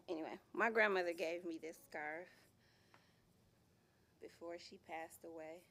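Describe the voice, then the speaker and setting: A woman performing spoken word poetry live with an emphatic, rhythmic delivery and pauses that hang between phrases. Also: lowish voice, fairly even intonation, a bit bright. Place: community music venue, live performance. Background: guitar playing.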